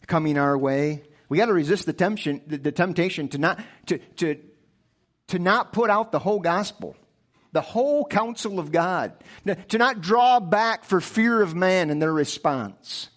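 A man's voice: high-pitched, moderate pace, fairly bright tone. A male preacher delivering a sermon with emphatic rhetorical questions, often repeating himself as he presses a point.

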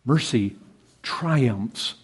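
A man preaching an expository sermon, swinging from loud emphatic peaks to low hushed lines and often calling out "brethren". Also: expressive, extremely slow, husky.

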